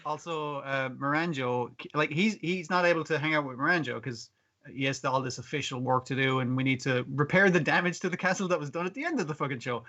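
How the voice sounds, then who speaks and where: A man hosts a podcast in easy casual chat, his voice bright and a bit high. He recaps episodes with frequent laughs. The audio is dull and lo-fi. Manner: chatty recapping, laughs often, quick quoted voices. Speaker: podcast host. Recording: dull lo-fi sound.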